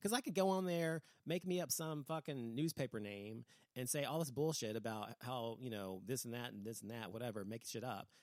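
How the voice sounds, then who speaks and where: A middle-aged man from the United States hosts a casual podcast and vents his opinions bluntly, swearing freely. He talks at a brisk clip. His voice sits close and dry, with no room sound around it. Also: mid-range voice, a little mellow, no room sound. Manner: blunt, profane ranting. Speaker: podcast host.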